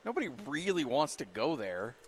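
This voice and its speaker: A man co-hosting a casual chat, chiming in with wisecracks and quick agreement. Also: a little high, very animated, breathy edge. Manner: jokey, adds wisecracks and short agreements. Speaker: podcast co-host.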